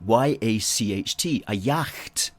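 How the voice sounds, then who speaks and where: A man's voice: on the low side, animated, slow. A man telling a joke as a patient Scottish shipbuilder.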